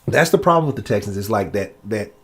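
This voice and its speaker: A man hosting a live sports talk show, casual and profane, often jumping up in pitch when he mimics critics. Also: expressive, quick pace, a bit bright, husky. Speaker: sports podcast host.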